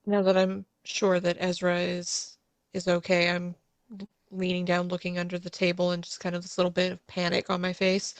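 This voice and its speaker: A woman playing a tabletop role-playing game who speaks with halting, stammering restarts. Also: on the low side, completely flat delivery, clean tone, no room sound. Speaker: player. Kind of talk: in-character tabletop role-play.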